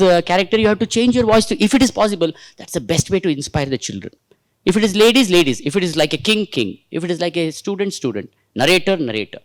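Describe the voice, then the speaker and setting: A man with an Indian accent leading a teachers' workshop, talking in an animated, coaxing way and drawing in the participants, into a handheld mic. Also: a little high, no echo, low-quality recording. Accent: Indian English. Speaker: teacher trainer. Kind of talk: workshop lecture. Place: training workshop room.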